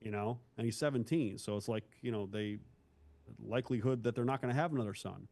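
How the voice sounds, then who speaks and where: A man's voice: mid-range voice, fast talker, a little mellow. A man from Northeast Ohio, a former police officer, telling a hard story from his career in a candid, blunt, casual way as an interview guest. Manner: candid, blunt, calls the host bro.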